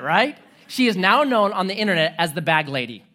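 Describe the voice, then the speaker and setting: A male pastor delivers a sermon as an animated story. He speaks casually and adds joking asides. His pitch rises and falls widely throughout. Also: brisk.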